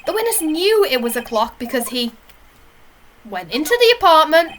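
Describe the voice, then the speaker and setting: A woman voicing a slow, solemn, dithering older male judge in a game. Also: sits high, very animated, fairly bright tone, slight background noise.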